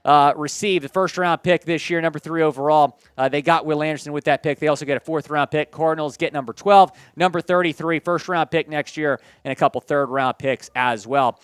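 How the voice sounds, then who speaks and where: A man with a high, smooth, resonant voice hosts a sports news show, gushing with excitement. He is from Houston and his delivery swings between quick bursts and drawn-out stretches. The sound is close and dry. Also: no room sound. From Houston, Texas.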